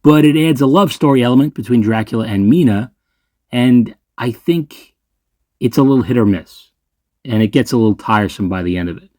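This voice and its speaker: A man's voice: mid-range voice, a little fast, a little mellow, dry recording, clean studio sound. A man hosting his own movie ranking video, talking in a sarcastic, ranting way and swearing freely. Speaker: movie reviewer host. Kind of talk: ranking list commentary.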